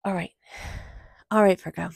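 A woman's voice: on the low side, steady tone, normal speed, creaky, husky, no echo, studio quality. A woman giving an intuitive tarot reading, earnest and emphatic, with soothing repeated affirmations. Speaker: tarot reader.

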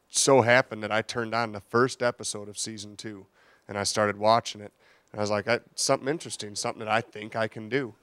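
A man's voice: on the low side, a bit bright, clean tone, dry recording. A man, a reality show contestant, telling his story in an easygoing, plain way.

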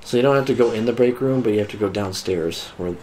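A man's voice: on the low side, quick pace, darkish tone, slight background noise, poor audio. A man in casual gameplay commentary, laid-back and laughing often as he gives a friend directions. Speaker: co-host guiding a gameplay playthrough.

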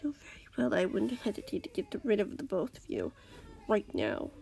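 Cold villain captor, calm menace, read by a woman with lively pitch and a gravelly edge. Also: normal speed. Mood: cold taunting. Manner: calm, menacing, sometimes whispered.

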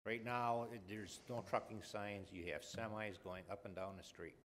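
A low-voiced man speaks at a city hearing, stumbling over uhs as he searches for words. He grumbles about the trouble on his street. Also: normal speed, fairly bright tone, slight background noise. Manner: hesitant, many uhs, grumbling. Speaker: resident speaking at public hearing. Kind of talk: public comment at city meeting.

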